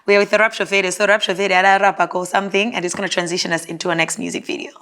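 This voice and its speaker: A woman's voice: medium pitch, little pitch movement, very fast, fairly bright tone. A woman hosting an interview, asking chatty questions and mixing in some Bemba. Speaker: host. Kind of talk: radio and TV interview.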